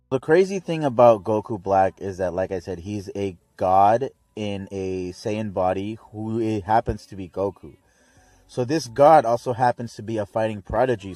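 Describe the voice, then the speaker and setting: A man's voice: lowish voice, a little mellow, no echo. A young man hosting a casual fan theory video, rambling with slang and restarts. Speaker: YouTube theory host.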